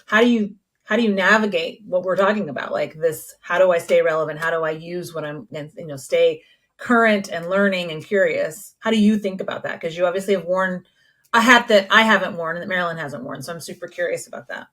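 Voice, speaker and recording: Animated woman co-hosting a podcast. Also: fairly low pitch, fairly quick. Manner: animated, puts on mock grumpy voices to make a point. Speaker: podcast co-host. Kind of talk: casual conversational podcast.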